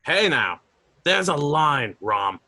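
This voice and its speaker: An actor playing a loud, mocking male Roman soldier in an audio drama, with a raspy voice and big swings in his delivery. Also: sing-song, takes it slowly, heavily acted. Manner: mocking, exaggerated swings of pitch.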